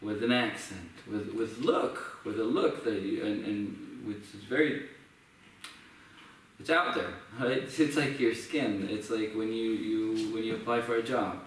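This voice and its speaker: A young man with an Israeli accent, a musician talking in a reflective, halting way with many restarts. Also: on the low side. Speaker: musician sharing his story. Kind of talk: casual conversation. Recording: echoey room, from far off, faint noise.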